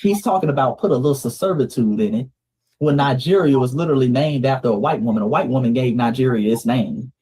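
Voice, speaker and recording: Husky-voiced lecturing male host. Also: mid-range voice, fast, warm tone. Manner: emphatic, lecturing, repeats points. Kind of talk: political commentary talk show.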